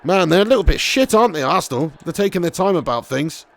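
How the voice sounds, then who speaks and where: A young man commentating a football game live, reading chat, swearing and getting loud at goals. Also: a little high, quick pace, creaky. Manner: excitable, swears freely, shouts at goals. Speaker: streamer playing a football career mode.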